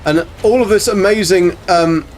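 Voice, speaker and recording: Speaking at a moderate pace in a high-sitting voice, a man streams a game live with faint music and slight noise in the background. His commentary is casual as he greets viewers by name, chats with them and swears freely.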